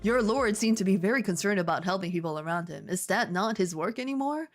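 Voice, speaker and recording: An exasperated dark wizard whines and protests, growing shriller as he pleads, as a woman reads him. The voice sits near a plain mid-pitched woman's. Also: lively intonation, fast, soft background music, close to an everyday voice. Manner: whiny, exasperated.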